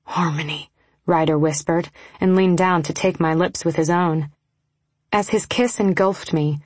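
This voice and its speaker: A young adult woman narrating a first-person romance audiobook in a soft, intimate reading style, slipping into whispers for dialogue. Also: fairly low pitch, dry recording.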